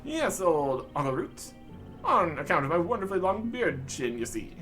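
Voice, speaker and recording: A man's voice: a little high, very animated, unhurried, a bit bright, soft background music. Man as a pompous bearded old dwarf, plummy old-fashioned posh diction, sing-song delivery. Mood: jolly.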